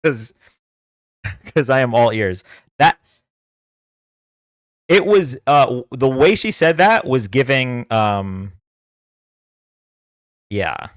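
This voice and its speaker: A man's voice: medium pitch, slow pace, pauses often, no echo, clean studio sound. A man giving casual, rambling reaction commentary on a live stream and talking to his chat. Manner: animated, rambling, talks to chat.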